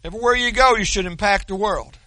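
A man's voice: high voice, quick pace, pushed and bright, no room sound. A man preaching a sermon, telling folksy stories with dry, self-deprecating humor and frequent restarts. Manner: repeats and restarts words. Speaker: pastor.

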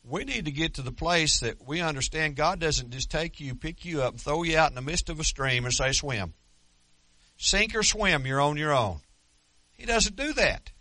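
A man's voice: mid-range voice, sharp tone, no room sound. A middle-aged man preaching a sermon as pastor, telling stories earnestly with self-deprecating humor.

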